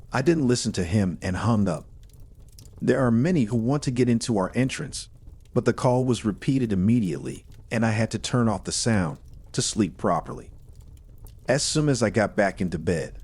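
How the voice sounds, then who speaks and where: A man reading a first-person horror story in a steady, measured storytelling manner. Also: lowish voice, breathy edge.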